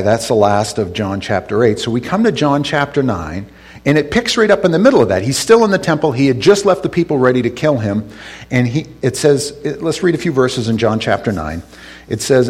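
A man's voice: mid-range voice, big pitch swings, normal speed. A male pastor giving a conversational sermon, retelling scripture casually with asides and restarts.

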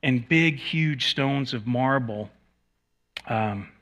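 A man's voice: mid-range voice, extremely slow, a bit bright. A man preaching a sermon to a live congregation. He teaches in a conversational way, with joking asides and frequent restarts. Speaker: pastor.

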